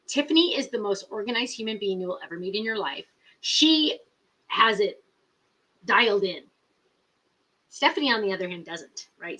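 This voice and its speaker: A woman's voice: a little high, bright, forceful tone. A woman hosting a casual live chat, reading viewer comments aloud and talking emphatically with lots of repetition. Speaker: livestream host.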